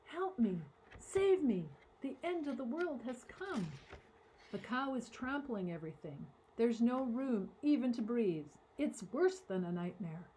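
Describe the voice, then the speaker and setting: A woman voicing a poor, desperate peasant man who pleads in high, panicky cries. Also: expressive, normal speed, hardly any pauses, dark tone, slight background noise, close to an everyday voice. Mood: frantic.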